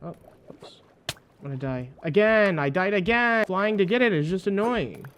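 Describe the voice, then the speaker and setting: A man giving let's play commentary, rambling in exasperation, repeating himself, talking to his viewers and often bursting into loud indignant yelling. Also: high voice, expressive, moderate pace, a little hiss or hum. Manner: repeats phrases, talks to viewers. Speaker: gamer, channel host.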